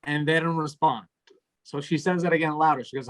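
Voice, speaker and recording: A man's voice: a little high, a little fast. Young man telling a stand-up story. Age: young adult. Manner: storytelling, deadpan, trailing into laughter. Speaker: stand-up comedian. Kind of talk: stand-up comedy set over video call. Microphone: video call.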